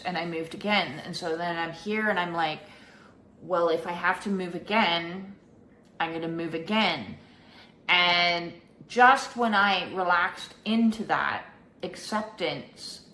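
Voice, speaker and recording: A middle-aged woman vlogging about her spiritual life, talking in a halting, rambling way with many fillers. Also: fairly low pitch, pushed and bright, reverberant, slight background noise. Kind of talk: casual personal storytelling.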